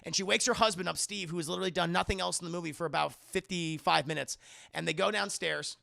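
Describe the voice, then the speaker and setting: Animated, gravelly-voiced streamer man. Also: sits high, quick pace, no room sound, studio quality. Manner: animated, profane, acts out scenes. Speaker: streamer and movie reviewer. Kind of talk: casual live-stream recap.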